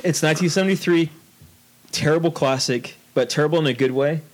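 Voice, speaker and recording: A man's voice: a little high, brisk. A man co-hosting a podcast in casual chat, rambling on about cult films with many fillers. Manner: rambling, full of fillers and restarts while reviewing films. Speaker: podcast co-host.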